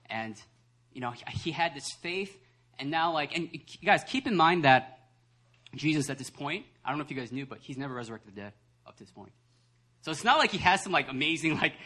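A young adult man, a pastor, preaching a lively sermon that acts out voices and laughs often. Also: fairly high pitch, fast. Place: church service hall.

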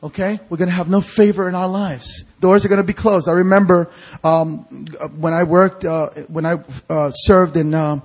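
High, husky-voiced male preacher. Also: steady tone, normal speed, few pauses, low-quality recording. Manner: fill-in-the-blank questions to the congregation, swinging from hushed to shouted. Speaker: pastor. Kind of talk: evangelical sermon. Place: church sanctuary.

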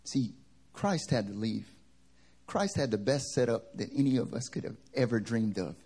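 A male pastor from the American South, preaching a sermon through funny personal stories, animated and joking. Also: mid-range voice, normal speed, breathy edge. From Southern United States. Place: church service.

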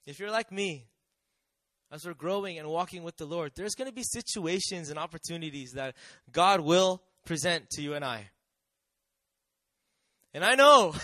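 A man with a high, pushed, bright voice preaches a sermon conversationally, often asking the audience questions and acting out quotes. The recording is dry.

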